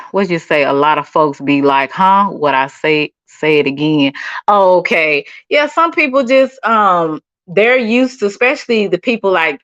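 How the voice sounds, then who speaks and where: A woman's voice: mid-range voice, fairly bright tone, dry recording, highs cut off. A middle-aged woman from Dallas with a Texan accent, chatting sassily with viewers on a livestream. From Dallas, Texas. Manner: sassy and chatty, calls people honey and baby. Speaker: livestream host. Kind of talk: casual chat reading viewer comments.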